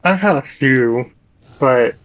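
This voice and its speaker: Slow, hesitant male gamer, muffled lo-fi mic. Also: medium pitch, animated, fairly bright tone. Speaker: gaming friend. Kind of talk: casual gaming chat.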